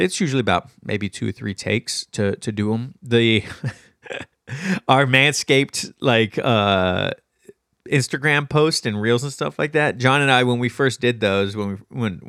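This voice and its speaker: Alone on his podcast, a man answers listener questions in a chatty, rambling Q&A, laughing easily. His voice is on the low side and a bit bright, close to a podcast mic in a small studio with no room sound.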